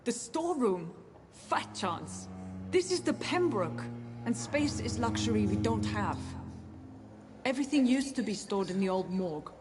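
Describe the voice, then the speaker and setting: An actress playing a brisk, worried woman nurse in a hospital, speaking urgently. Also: medium pitch, very animated, over music.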